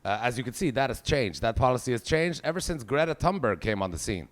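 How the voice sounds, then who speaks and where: A man's voice: medium pitch, expressive, brisk, hardly any pauses, fairly bright tone. A man in his forties with a Quebec French accent, doing a profane, exasperated stand-up rant. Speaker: stand-up comedian. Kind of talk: stand-up routine.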